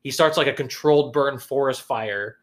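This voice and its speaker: A man co-hosting a podcast in casual chat, lively, breaking into raised voices when he quotes characters. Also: mid-range voice, moderate pace. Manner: animated, acts out quotes in a raised voice. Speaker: podcast co-host.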